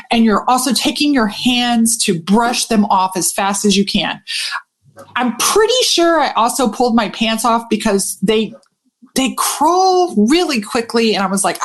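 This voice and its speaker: A woman, a business coach telling a casual, animated story to her audience and swearing freely. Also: fairly high pitch. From Texas.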